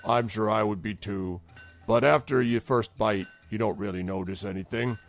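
A man voicing a gruff male wolf-keeper who commands a pack of wolves, threatening and rough. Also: on the low side, normal speed, faint music behind. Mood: menacing. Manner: rough and threatening, then shouting in alarm.

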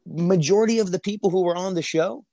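A New Jersey man, guesting on a podcast, tells stories in casual chat with restarts and easy laughs. He talks fast in a high, creaky voice with a dark tone, recorded on earbuds at an outdoor barbecue.

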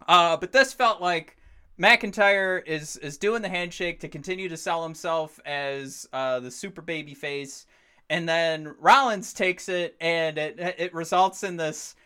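A man in his thirties co-hosting a podcast in casual chat, excitable and rambling, swearing freely as he talks. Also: a little high, measured pace, smooth. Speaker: podcast co-host.

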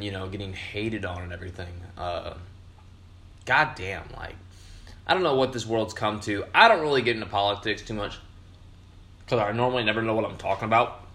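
A young podcast host, slightly tipsy from beer, drifts through a rambling, casual monologue, cursing freely and leaning on fillers. His fairly low voice has a bright, forward tone, and the room gives it a noticeable echo.

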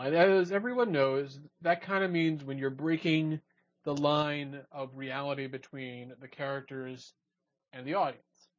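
A man with a fairly high voice hosts a casual podcast, steering the talk and jumping in to argue small points. The audio is dull and lo-fi. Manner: leads the discussion, quick to interject and quibble. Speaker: podcast host.

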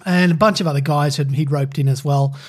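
A man's voice: fairly high pitch, fairly even intonation, fairly quick, a little mellow, husky. A man co-hosting a podcast, telling a rambling personal story full of fillers. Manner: rambling, with many fillers and laughs. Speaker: podcast co-host. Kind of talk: casual storytelling chat.

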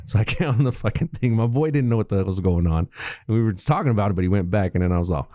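Lively, low-voiced profane storyteller man. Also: racing, no room sound. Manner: profane, animated storyteller, laughs often. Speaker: podcast co-host. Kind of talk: casual chat, storytelling.

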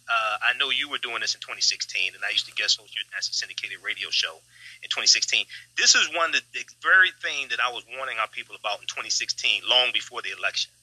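Man, political commentary guest, urgent, halting, very bright tone, dry sound. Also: medium pitch, slightly rough, no echo, rough recording. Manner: urgent, halting, calls the host brother.

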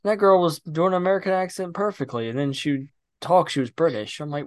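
A young man, chatting casually as a co-host in a blunt, animated, profane way. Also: fairly high pitch, fast, dry recording, clean studio sound. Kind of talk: casual chat.

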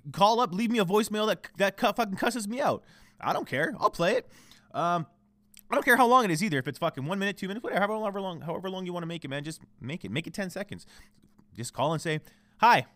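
A man's voice: medium pitch, fairly bright tone, dry recording. A man hosting his own podcast alone, talking casually and rambling with a lot of swearing. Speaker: podcast host. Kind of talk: solo podcast monologue. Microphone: home recording setup.

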